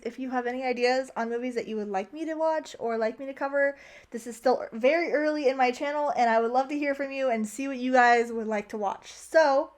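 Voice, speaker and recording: A young woman talks through a movie plot for her vlog in a high, bright-sounding voice. She is chatty and gushing and fills her sentences with "like". The tone is casual and unscripted. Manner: chatty, heavy use of "like", gushing. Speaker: movie commentary vlogger.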